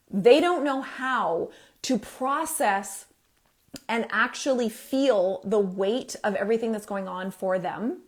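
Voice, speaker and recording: A middle-aged woman giving earnest, emphatic advice to parents, with fillers and restarts. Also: medium pitch. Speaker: parenting coach.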